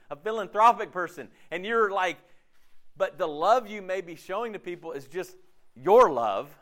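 A man, a pastor, giving a conversational sermon, casual and animated, often acting out quotes in his talk. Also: high-pitched.

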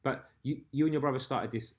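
A man interviewing a guest in a casual chat, with halting restarts as he talks. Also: mid-range voice. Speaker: interviewer and narrator.

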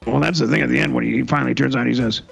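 A man's voice: medium pitch, steady tone, very fast, creaky, fairly bright tone, slightly rough, faint music behind. A man co-hosting a comedy radio show, rambling through stories with hesitant fillers and "freaking" in every phrase. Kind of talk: rambling comic storytelling.

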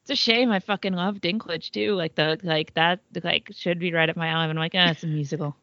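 A woman's voice: on the low side, fairly even intonation, brisk, a bit bright, no echo, muffled recording. A woman co-hosting a podcast in casual chat, swearing freely and trailing off mid-thought. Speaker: podcast co-host.

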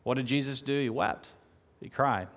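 A man preaching a sermon earnestly, at times building to emphatic, louder peaks. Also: medium pitch, normal speed. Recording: long hall reverb.

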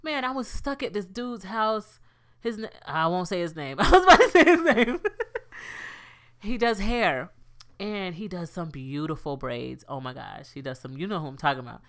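A woman's voice: on the low side, normal speed. A woman co-hosting a casual podcast, telling stories and acting out quotes. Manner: animated storyteller, acts out quotes. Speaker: podcast co-host. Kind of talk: casual chat.

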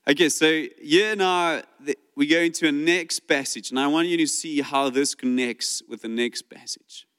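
A man preaching a sermon in a church, animated and acting out voices as he retells the story. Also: fairly high pitch, moderate pace, clear, resonant tone. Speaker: pastor. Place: church sanctuary. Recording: long hall reverb.

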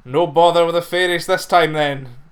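A man voicing a gruff farmer who scolds and scoffs at his young labourer. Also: a little high, lively intonation, moderate pace, lightly acted. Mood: jovial. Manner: blustering, scoffing.

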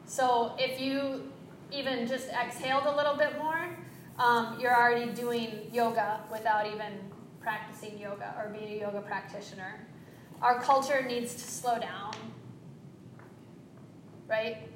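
A woman teaching yoga breathing, giving gentle, encouraging cues with quick asides. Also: a little high, steady tone, reverberant, a little hiss or hum, low-quality recording. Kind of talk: guided breathing instruction.

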